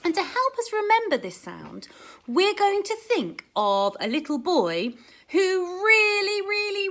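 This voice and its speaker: A woman teaching a phonics lesson to young children, sounding out letters slowly in a sing-song, exaggerated way. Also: a little high, pushed and bright.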